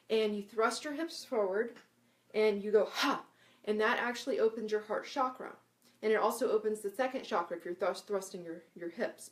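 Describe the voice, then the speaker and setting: Chatty woman teaching breathing exercises. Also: medium pitch. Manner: chatty, often checks in with 'right?' and 'okay?'; demonstrates breathy 'ha' sounds and chants. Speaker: spiritual teacher. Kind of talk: casual live instructional talk.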